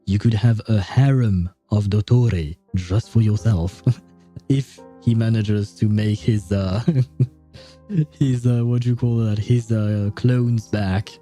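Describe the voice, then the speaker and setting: A man's voice: lowish voice, steady tone, slow pace, dark tone, soft background music. A man giving casual, rambling commentary while playing a video game, laughing often. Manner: laughing, rambling, self-deprecating. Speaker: gaming streamer.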